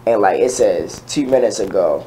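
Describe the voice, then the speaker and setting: A man's voice: fairly low pitch, expressive, moderate pace, mellow, a little hiss or hum, low-quality recording. A man, a guest performer, telling a long run-on story in an earnest, plain way. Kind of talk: casual storytelling.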